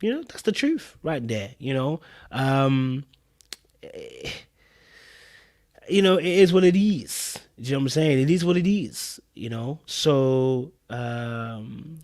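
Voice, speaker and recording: Here a podcast host takes things slowly, his medium-pitched voice animated and slightly mellow as he comments on a reality show clip during a live stream. The talk is casual and emphatic, full of repetition, and aimed right at the viewers and chat.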